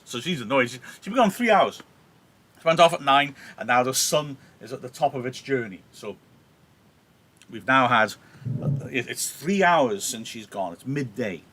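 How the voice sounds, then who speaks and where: A Welsh man teaches in a chatty, animated manner, reading scenes aloud and breaking off to explain them. His voice is bright and swings widely in pitch. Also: normal speed. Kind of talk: live reading with analysis.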